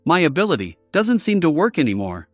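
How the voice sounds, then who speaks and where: A man reading a tense, self-critical young man in an audiobook, in a flat, subdued delivery. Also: fairly high pitch, brisk, no echo, studio quality, soft background music. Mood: strained.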